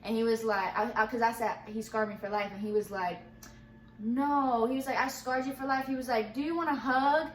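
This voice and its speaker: A young woman casually telling a storytime, rambling and animated, acting out what people said, full of slang. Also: a little high, fairly quick, reverberant. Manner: rambling, animated retelling with quoted dialogue and slang.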